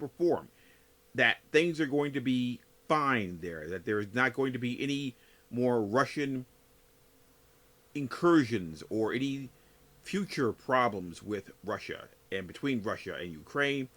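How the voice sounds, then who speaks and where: A man hosting a solo podcast, giving a measured, emphatic analysis as a political scientist. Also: medium pitch, a bit bright.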